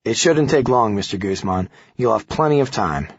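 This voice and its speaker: A man's voice: lowish voice, lively intonation, moderate pace, breathy edge, no echo, lo-fi sound. A man voicing an eager young newspaper reporter, polite but pushy, in an audiobook. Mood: persistent.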